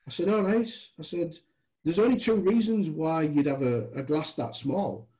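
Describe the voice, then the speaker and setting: A man's voice: a little high, moderate pace, low-quality recording. A middle-aged man from Britain, a guest telling chatty stories, often acting out the voices of people he quotes. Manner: chatty, restarts, animated quoted dialogue. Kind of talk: casual anecdotal storytelling.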